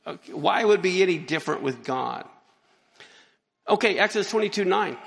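Animated joking pastor, man, gravelly voice, preaching in a reverberant sanctuary. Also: high voice, brisk. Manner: animated, joking, exclaims and laughs often. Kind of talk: sermon. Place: church sanctuary. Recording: long hall reverb.

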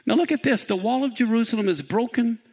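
A man's voice: very high-pitched, quick pace, slightly rough, poor audio. A man preaching a sermon, telling a parable with dramatic rising pleas and reading scripture aloud. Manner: dramatic storytelling, voice rising to near shouts on quoted pleas.

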